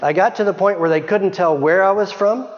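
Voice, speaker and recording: A middle-aged man speaks to a congregation in a relaxed, chatty way, often restarting his sentences. His voice sits a little high for a man. The recording is muffled and carries the long echo of a large hall. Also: fairly quick. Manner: chatty, many restarts and small laughs. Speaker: missionary reporting to a church. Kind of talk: informal church talk. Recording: dull sound, long hall reverb.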